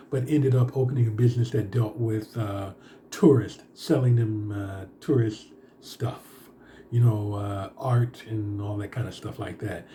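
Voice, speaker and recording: A man vlogger telling a personal story in a casual, rambling way, with many fillers and pauses. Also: medium pitch, dark tone, a little hiss or hum.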